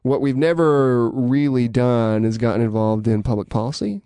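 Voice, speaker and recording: A man's voice: mid-range voice, steady tone, normal speed, mellow, clean tone, no room sound. A man hosting a casual podcast chat, rambling with fillers and restarts, sounding sick with a scratchy voice and a cough. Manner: rambling, self-mocking, many fillers and restarts. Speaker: podcast host.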